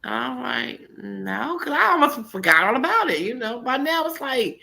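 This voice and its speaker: A middle-aged woman casually telling a personal story, animated and laughing, jumping into high voices for quotes. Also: a little slow, vocal fry, hardly any pauses, rough recording.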